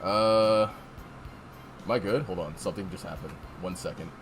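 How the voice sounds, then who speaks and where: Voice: sits low, moderate pace, music in the background. A streamer chatting casually through a game, joking and swearing. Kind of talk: casual let's-play commentary.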